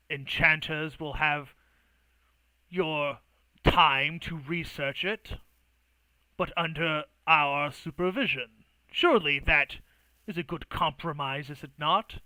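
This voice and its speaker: A man plays a composed noble who argues with slow, measured calm. The voice is bright and clear, recorded dry and close. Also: a little high, dry recording, heavily acted, low-quality recording. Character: measured, diplomatic male noble.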